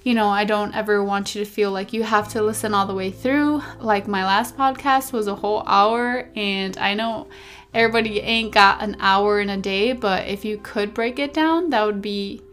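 A young woman hosting her own podcast in a chatty, rambling, animated way, seated indoors at a podcast mic. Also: medium pitch, moderate pace. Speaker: podcast host. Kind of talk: casual solo podcast talk.

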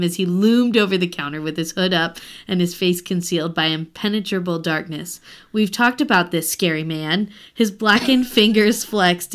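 A young woman co-hosting a casual book podcast, gushing over a novel, reading excerpts aloud and laughing often. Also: on the low side. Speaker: podcast co-host.

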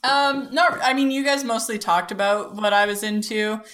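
A woman guest on a podcast, relaxed and amused in casual chat. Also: medium pitch, moderate pace.

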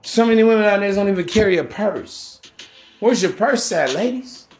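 Male podcast host, slightly high voice, blunt and preachy, street slang, faint music underneath. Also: expressive, moderate pace. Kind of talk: casual monologue.

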